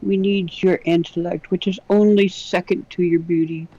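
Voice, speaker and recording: A man voicing a male adventurer who showers a witch with over-the-top flattery. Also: sits high, normal speed, lightly acted. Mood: fawning. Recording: dull lo-fi mic.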